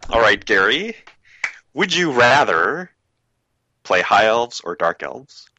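A man's voice: medium pitch, very animated, slow pace, bright, forceful tone, muffled recording, a little hiss or hum. A man co-hosting a podcast, chatting casually and laughing often. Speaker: co-host.

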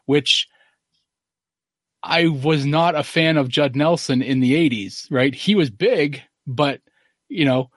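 A man's voice: on the high side, no echo, clean studio sound. Opinionated man rambling on a podcast. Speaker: podcast host. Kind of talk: casual podcast chat.

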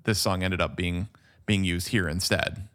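A man co-hosting a casual film chat, easygoing and agreeable, often chiming in with quick replies. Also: low voice, steady tone, fairly bright tone. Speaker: podcast co-host.

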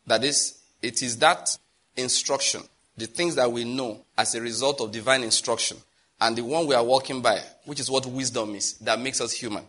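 A man with a Nigerian accent preaching a sermon as pastor, in a lively, chatty style with asides to the congregation. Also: medium pitch, moderate pace, breathy edge. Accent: Nigerian English. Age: adult, married.

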